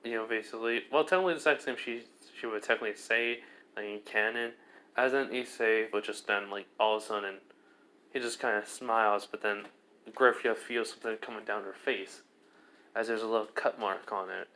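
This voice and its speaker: A man's voice: lowish voice, fairly even intonation, brisk, pushed and bright. A man casually telling a fan fiction story, rambling with lots of fillers and restarts.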